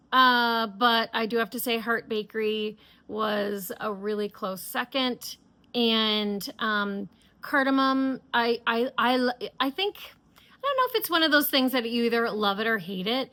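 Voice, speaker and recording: A middle-aged woman from the United States chats enthusiastically as a knitting podcast host, stumbling through fillers and restarts. Her voice sits a little high and sounds bright and forward. She speaks with easy, casual energy. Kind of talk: casual chat.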